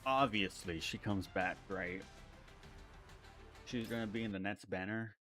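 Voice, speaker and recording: A man's voice: lowish voice, measured pace, sharp tone, faint music behind. A young man streaming, reading a game story aloud with casual, joking asides.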